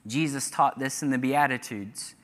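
A man's voice: medium pitch, moderate pace, fairly bright tone. A man preaching a sermon as pastor, earnestly reading scripture aloud with emphatic rises. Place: church sanctuary. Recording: church hall reverb.

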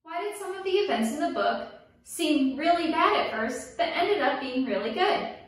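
A woman's voice: high voice, lively intonation, moderate pace, distant mic. A woman reading a picture book aloud for children's story time, with playful sound effects and call-and-response lines. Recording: echoey room, voice a bit off-mic.

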